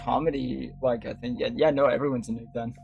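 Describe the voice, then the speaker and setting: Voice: mid-range voice, moderate pace, vocal fry, darkish tone, highs cut off. Rambling livestream host over faint music. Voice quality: rambling, laughs often, many fillers and restarts. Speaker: livestream host talking to chat. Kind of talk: casual chat.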